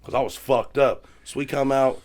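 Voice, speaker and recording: A man's voice: medium pitch, fairly even intonation, normal speed. A man co-hosting a podcast, telling a long story in a rambling way and often asking "you know what I mean". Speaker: podcast co-host. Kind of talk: casual storytelling chat.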